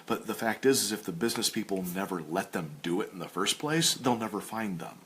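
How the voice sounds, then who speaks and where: A man hosting a casual chat while sketching, ranting with animated stammered restarts. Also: on the low side, brisk, husky.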